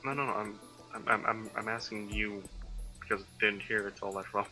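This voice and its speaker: Man, tabletop player, hesitant, halting, bright sharp voice, faint music. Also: lowish voice, little pitch movement, low-quality recording. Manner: hesitant, lots of fillers and restarts. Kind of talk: playing a tabletop game in character.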